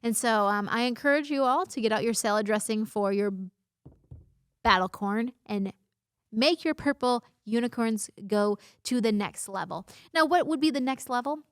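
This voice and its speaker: A woman's voice: a little high, normal speed, clean tone, no echo, studio quality. A woman in her thirties hosting a casual vlog, bubbly and playful, making jokey asides and censoring herself. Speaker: vlog host. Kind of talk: casual talking-head vlog.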